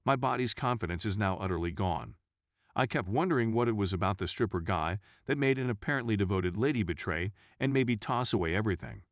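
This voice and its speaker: A man with a lowish voice reads a first-person story in an even, scripted way, a little on the fast side. The sound is dry and close, with no room sound at all.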